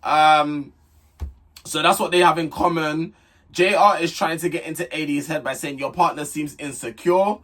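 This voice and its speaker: A man's voice: on the high side, fairly even intonation, moderate pace, a bit bright. A young man giving a blunt, chatty vlog recap of a reality TV show, talking straight to camera. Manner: chatty, blunt and direct, frequent restarts. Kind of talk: casual review chat to camera.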